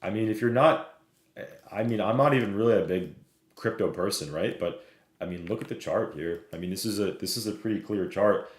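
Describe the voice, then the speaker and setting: Guy going over stock charts live, lowish voice, keeps saying right and okay, kinda echoey room. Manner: fast, repeats "right?" and "okay?", reads chat aloud. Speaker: stock trading streamer. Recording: roomy echo.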